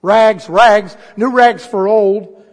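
A man voicing a strong young rag man who calls out loudly and speaks gently. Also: mid-range voice, sing-song, fairly quick, husky, in a large hall, exaggerated voice. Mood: calling out. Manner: loud ringing street call.

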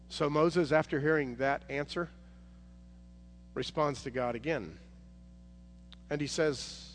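A man's voice: a little high, expressive, a little slow, pauses often. Storytelling male preacher in a reverberant hall. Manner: storytelling, conversational, with vivid retelling. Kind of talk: sermon. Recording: hall reverb, faint noise.

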